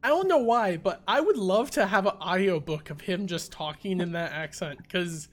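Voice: medium pitch, expressive, moderate pace. A podcast co-host in casual chat, rambling and amused. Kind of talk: casual chat reviewing a show.

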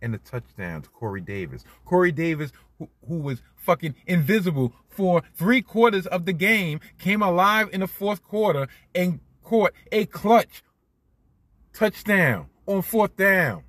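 Animated cursing man, husky dry voice. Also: high-pitched, measured pace, dry recording. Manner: animated, swears freely, swings loud. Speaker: podcast host. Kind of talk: solo sports commentary podcast.

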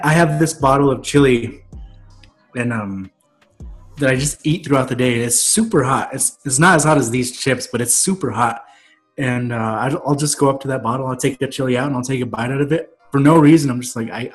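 A man chatting on a video call, excitable, often stammering and restarting his sentences. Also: mid-range voice, brisk, faint music behind. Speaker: guest. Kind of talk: casual chat on a video call.

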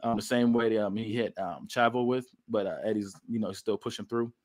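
A man's voice: fairly low pitch, steady tone, brisk, darkish tone. Rambling man recapping a match. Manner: rambling, heavy with fillers like "uh" and "like". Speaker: podcast host. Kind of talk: casual play-by-play recap.

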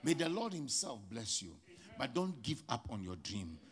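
Animated, husky-voiced preaching man. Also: mid-range voice, moderate pace. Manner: preaching with sudden loud rises and soft drops. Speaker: pastor. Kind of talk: sermon.

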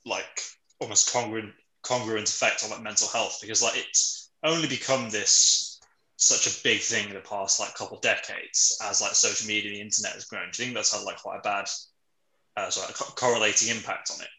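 Male co-host, low-ish sharp voice, hesitant questioner, roomy sound. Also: steady tone, a little fast. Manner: questioning, hesitant, searching for words. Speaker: podcast co-host. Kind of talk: casual podcast chat.

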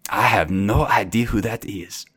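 A man's voice: lowish voice, measured pace, fairly bright tone, husky. A man voicing a hostile, sarcastic boy who protects his little sister, speaking in a sneering, threatening way.

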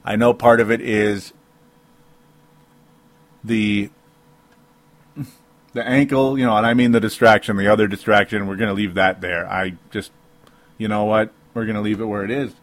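A man's voice: lowish voice, steady tone, normal speed, pauses often, no room sound. Rambling man ranting about football. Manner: rambling, self-interrupting, laughs between points. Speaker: sports talk podcast host. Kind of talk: emotional solo sports rant.

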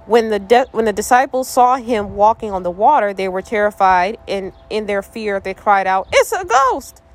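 A woman's voice: medium pitch, steady tone, moderate pace. A woman leading a casual Bible study, reading scripture with playful joking asides and then turning earnest and reflective. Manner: reflective, earnest when applying the passage.

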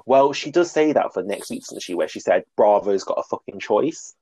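A man's voice: on the low side, expressive, moderate pace, mellow, slightly rough, dry recording. A man co-hosting a casual podcast chat, gossiping about a reality show and acting out quotes. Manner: chatty, gossipy, acts out quotes. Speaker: podcast co-host.

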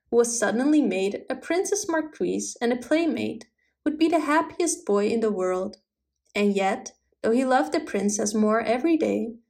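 A woman reading a fairy tale aloud, her narration clear and steady, pitched a little high. She keeps an even storybook pace from line to line.

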